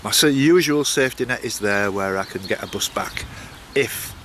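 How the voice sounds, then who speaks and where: A man's voice: fairly low pitch, moderate pace, noisy background. An older man talking in a rambling, chatty vlog style as he sets off on a long walk and chats with locals, full of asides and restarts. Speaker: walking vlogger. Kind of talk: casual vlog chat.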